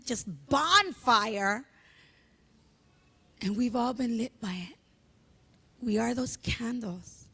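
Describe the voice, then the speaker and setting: A woman giving a heartfelt eulogy at a memorial, telling stories with animated emotion. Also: medium pitch, vocal fry, breathy edge. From Hawaii. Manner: emotional, animated storytelling, tearful at moments. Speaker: memorial speaker.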